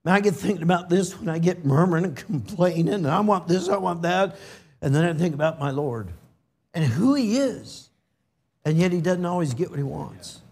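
A man from California preaching a sermon, slow and emotional, swinging from loud emphasis to hushed, near-whispered lines. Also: on the high side, expressive, creaky, husky.

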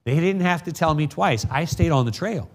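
A man's voice: fairly high pitch, lively intonation. Middle-aged male pastor telling folksy stories. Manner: reads scripture slowly, then tells folksy personal stories. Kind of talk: sermon.

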